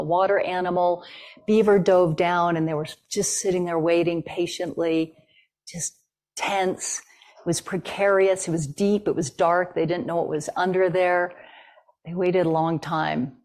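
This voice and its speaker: A woman's voice: on the low side, fairly even intonation, measured pace, a little mellow. A woman giving a talk and telling a traditional story in a conversational way, with fillers. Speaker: guest speaker.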